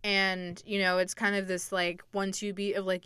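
A woman's voice: mid-range voice, flat delivery, moderate pace, a bit bright, smooth, no echo. A young adult woman co-hosting a casual podcast, talking things through thoughtfully with lots of "like". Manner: thoughtful, chatty, heavy use of "like". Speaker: podcast co-host. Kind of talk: casual chat analyzing a TV episode.

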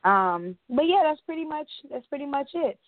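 A woman co-hosting a podcast, telling stories in casual chat, animated and laughing often. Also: sits high, normal speed, no echo. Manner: chatty storyteller, animated retellings, frequent laughs. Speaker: podcast co-host. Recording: tinny phone-line sound.

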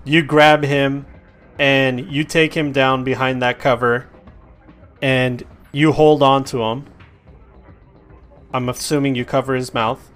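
A man's voice: medium pitch, flat delivery, slow, pauses often, fairly bright tone, soft background music. A man narrating as game master in a casual, chatty way.

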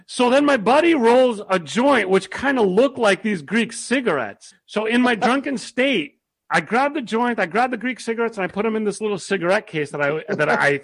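A man with a high voice and a gravelly edge tells a story in casual chat. He is animated and laughs often. He gets loud when he acts out his own lines. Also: normal speed.

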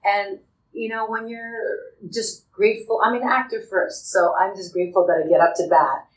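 A woman actor in an interview, self-mocking and animated as she jokes about her career. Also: medium pitch, normal speed. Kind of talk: interview clip. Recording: echoey room, distant mic.

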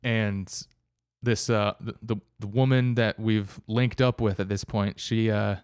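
A man's voice: fairly low pitch, steady tone, unhurried, a little mellow, smooth, dry recording, clean studio sound. A man telling a travel story in casual chat, rambling with many fillers and restarts.

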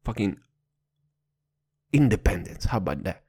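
A man's voice: lowish voice, big pitch swings, normal speed, a little mellow, husky. A young man hosting a podcast, speaking English as a second language, rambling crudely, swearing constantly and laughing at his own jokes, right up against a close microphone. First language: not English. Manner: profane, rambling, playful, laughs a lot. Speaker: podcast host. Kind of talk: crude comedic podcast rant.

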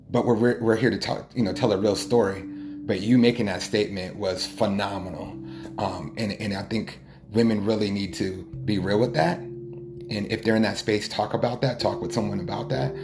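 A man's voice: fairly low pitch, a little hiss or hum. A man hosting a podcast, earnest and supportive, often repeating words. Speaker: podcast host. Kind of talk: podcast conversation. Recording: faint music behind.

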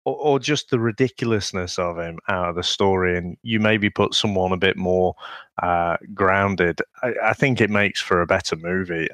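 A man's voice: sits low, fairly bright tone, no room sound, studio quality. A man from the UK co-hosting a podcast, telling stories casually and laughing. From United Kingdom. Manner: laughing, storytelling, restarts. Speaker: podcast co-host. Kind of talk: casual chat.

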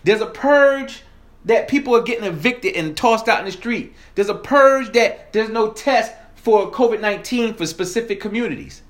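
A man rants at his viewers in a heated, emphatic style, swearing freely as he presses each point. His voice sits unusually high for a man. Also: animated, normal speed, a bit bright. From American South. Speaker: political commentator. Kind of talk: ranting monologue.

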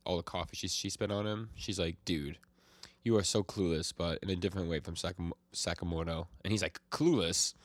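A man's voice: deep voice, fairly even intonation, brisk, dry recording. A man co-hosting a podcast, casually recapping manga chapters and quoting the characters with small voice shifts and frequent laughs. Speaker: podcast co-host.

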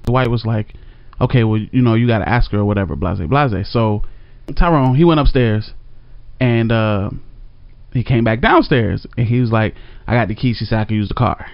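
A man's voice: lowish voice, moderate pace, vocal fry, no room sound. Man, easygoing storyteller who corrects himself as he goes, dry dull recording. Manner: laid-back, rambling, self-correcting. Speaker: storyteller co-host. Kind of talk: casual storytelling chat. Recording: dry, slightly dull audio.

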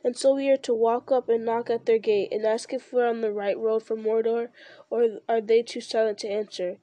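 A woman's voice: a little high, little pitch movement, moderate pace, dark tone, no room sound, lo-fi sound, natural voice. A woman reading aloud and voicing a blunt, skeptical young man with a sarcastic edge.

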